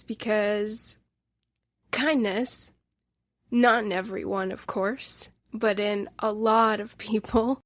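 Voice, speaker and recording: A woman's voice: a little high, a bit bright, dry recording. A woman hosting a solo podcast, talking through a film review in an emotional, gushing and candid way. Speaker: instructor.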